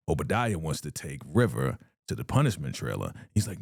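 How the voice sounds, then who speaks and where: A man recapping a TV episode in a casual, animated storytelling way. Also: low voice, normal speed, few pauses, no room sound, clean studio sound. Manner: animated storytelling, acts out the quotes. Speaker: TV recap vlogger.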